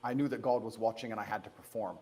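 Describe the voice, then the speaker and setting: A man's voice: on the low side, darkish tone, slight background noise. A man in his thirties answering interview questions in an assertive, defiant way. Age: 30s. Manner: assertive, defiant, quick-talking. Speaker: interview guest.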